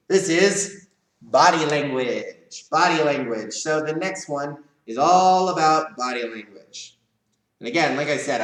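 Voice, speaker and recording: A man leads a live leadership class for karate students, explaining ideas in a casual coaching manner and checking in with "right?" as he goes. His voice sits at an ordinary middle pitch. He stands a little back from the mic in an echoey room. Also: distant mic. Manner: casual coaching tone, asks "right?" often, varies volume. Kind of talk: live online class lecture.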